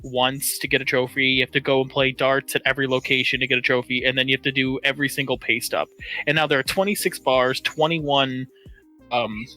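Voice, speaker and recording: Bright-voiced casual male podcaster. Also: medium pitch, fairly quick, faint music behind, poor audio. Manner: relaxed, says "bro" and "I won't lie". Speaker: podcast co-host. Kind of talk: casual chat.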